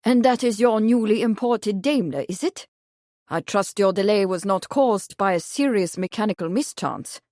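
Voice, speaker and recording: A woman voicing a portly, jovial royal gentleman who speaks with a German accent in a deep, guttural voice, in an audiobook. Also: normal speed, no echo, clean studio sound, close to an everyday voice. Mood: genial, stern.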